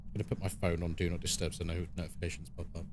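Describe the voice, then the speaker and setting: A man's voice: sits low, little pitch movement, rapid-fire, background noise. A man in his thirties, a live-streamer casually chatting with his viewers and answering chat playfully. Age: 30s.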